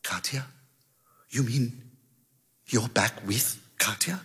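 Brief: hoarse, forced, jealous young woman on a call, done by a male reader, low and hushed, storybook. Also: measured pace, in a large hall, full character voice. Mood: stunned. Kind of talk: audiobook reading.

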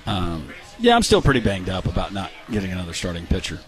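A man's voice: low-pitched, quick pace. A man co-hosting a sports talk radio show, joking and bantering with his colleagues. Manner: animated, joking. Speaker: radio co-host.

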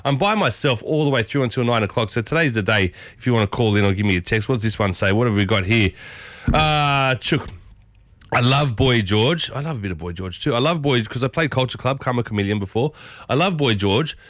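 Upbeat Australian morning radio host. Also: male voice, fairly quick, dry recording, studio quality. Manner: chatty, upbeat, excitable with sudden high bursts. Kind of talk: solo morning radio chat. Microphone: studio microphone.

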